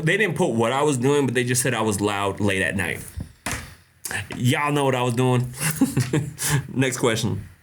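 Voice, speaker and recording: A young man hosting a casual live question-and-answer stream, blunt and joking, laughing often. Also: mid-range voice. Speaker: host.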